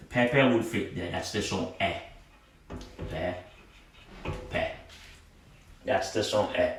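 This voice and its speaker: Slow, patient man teaching in an echoey room. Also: on the low side, fairly bright tone, distant mic. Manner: slow, patient, repeats sounds for drilling. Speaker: language teacher. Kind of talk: classroom-style lesson. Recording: very echoey room, speaking off-mic.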